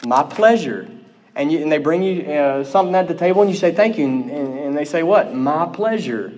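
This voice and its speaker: A man preaching a sermon in an emphatic manner, often checking in with "okay?" and rising in pitch and volume on key phrases. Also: fast, dark tone. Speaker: pastor.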